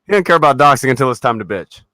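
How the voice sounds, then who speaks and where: A man on a livestream, ranting with a mocking, sarcastic edge and plenty of swearing. His voice sits at an ordinary middle pitch and sounds dry and close, with no room around it. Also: animated, rapid-fire, bright, forceful tone, dry recording. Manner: mocking, sarcastic taunting with laughs. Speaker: livestream host. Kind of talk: profane livestream rant.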